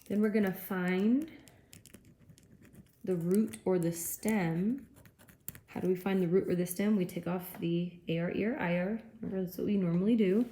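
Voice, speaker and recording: A woman teacher with a warm, medium-pitched voice explains her lecture step by step, regularly checking in with "okay." The audio carries room echo and a faint hiss.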